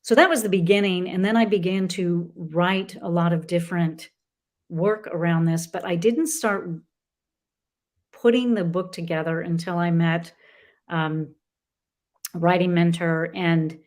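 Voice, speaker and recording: A middle-aged woman, a guest author in a conversational interview, who talks in an earnest, halting way with many restarts. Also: fairly low pitch, fairly even intonation, darkish tone.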